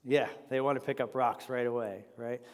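A man's voice: mid-range voice, fairly even intonation, moderate pace, big-room sound. A man leading an informal Bible study class, talking conversationally and putting questions to the group.

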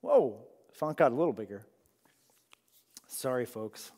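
A man leads a Bible study for a room of listeners, talking loosely and laughing often as he goes. His voice has a medium pitch and carries a long hall echo. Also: sing-song, measured pace, mellow. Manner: chatty, laughs often, asks the room "right?". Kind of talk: casual classroom teaching. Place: large room with a group of listeners.

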